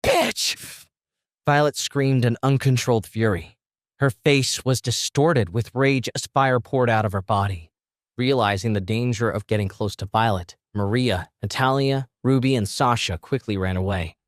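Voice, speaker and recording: A man reading a fantasy audio story in a steady, even storytelling manner. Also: mid-range voice, moderate pace, no echo, studio quality. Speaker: narrator. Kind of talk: scripted narration.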